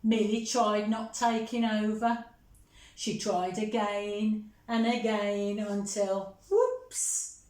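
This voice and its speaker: A woman reading a picture book aloud to children, gently chatting with them between pages. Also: mid-range voice, little pitch movement, slow pace. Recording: roomy echo.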